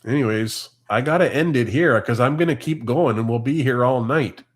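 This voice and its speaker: A man's voice: medium pitch, moderate pace. Casting note: Canadian man in his fifties, livestream host, chatty and rambling, mid-range voice. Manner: chatty, reads viewer comments aloud and riffs on them. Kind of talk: casual livestream chat.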